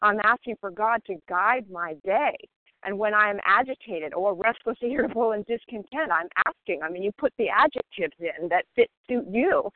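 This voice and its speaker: Woman, recovery meeting sharer, earnest and steady, phone-line sound. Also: medium pitch, moderate pace, no room sound. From Maryland. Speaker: member sharing at a phone meeting. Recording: dry tinny phone line.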